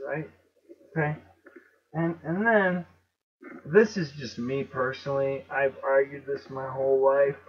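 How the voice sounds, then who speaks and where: A man with a Chicago accent and a slightly high voice talks to his viewers at an unhurried, deliberate pace. He leans hard on words, repeats them and spells out letters one by one. The recording sounds dull and lo-fi. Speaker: video host. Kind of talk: casual monologue to viewers.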